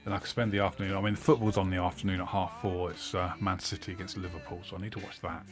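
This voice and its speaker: A man's voice: deep voice, fairly even intonation, quick pace. A middle-aged man streaming a game, telling a rambling, profane story with many fillers. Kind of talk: casual storytelling while gaming. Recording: game music behind the voice. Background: game music.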